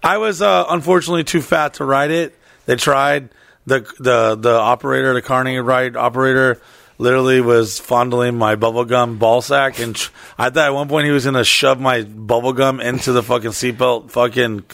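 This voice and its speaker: A man's voice: mid-range voice, normal speed, creaky, no echo, clean studio sound. A man co-hosting a podcast, telling crude, profane stories in casual chat and acting out the other people in them. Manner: profane, animated, acts out other people's voices. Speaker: podcast co-host.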